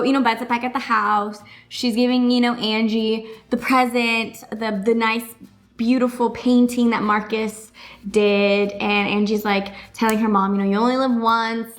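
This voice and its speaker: Gushing young woman recapping a show. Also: fairly high pitch. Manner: gushing, rapid, full of fillers like "like" and "you know". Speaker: YouTube reaction host. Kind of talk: excited casual recap.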